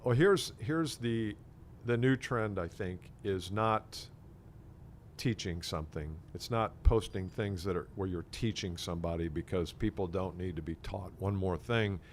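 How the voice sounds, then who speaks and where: A man with a low-sitting voice co-hosts a conversational podcast as a sales consultant, speaking a little slowly. He thinks aloud reflectively and makes his points by acting out what imagined clients would say. A slight hiss or hum runs under the recording.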